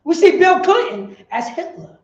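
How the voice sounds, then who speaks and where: A woman preaching on the street, firing rhetorical questions and bursting into shouts. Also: very high voice, sing-song, normal speed, roomy sound, highs cut off.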